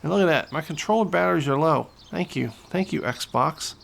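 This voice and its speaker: A man giving excitable, playful gameplay commentary as host of his gaming channel. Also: fairly high pitch, normal speed, vocal fry. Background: loud game music.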